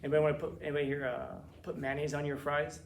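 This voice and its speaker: A man teaching a classroom lecture, telling funny stories with quick asides and teasing his students. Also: on the high side, gravelly, slight background noise. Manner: joking, animated storytelling with quick asides.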